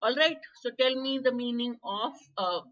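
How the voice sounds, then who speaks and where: Woman, Indian English accent, hoarse exam-prep teacher; bright, high voice, muffled stream audio. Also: lively intonation, normal speed. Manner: chatty, quizzing students by name, coughing. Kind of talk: live online vocabulary class.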